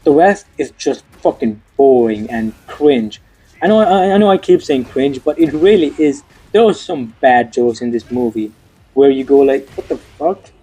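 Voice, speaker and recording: Young guy ranting about a movie, swears a ton, lots of likes and restarts, husky low-key voice. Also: lively intonation, moderate pace, warm tone, poor audio. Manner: frustrated, swears a lot, many fillers and restarts. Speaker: movie reviewer. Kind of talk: casual ranting movie review.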